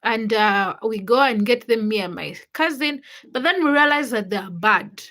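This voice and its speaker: A young adult woman hosting a livestream, telling childhood stories in a casual, animated way and greeting viewers in the chat. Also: a little high, normal speed. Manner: animated storytelling, acts out quotes with laughter. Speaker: livestream host.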